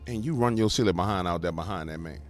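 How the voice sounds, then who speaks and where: A man's voice: sits low, quick pace, soft background music. A man hosting a political commentary show, ranting emphatically with rhetorical questions. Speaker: commentary host.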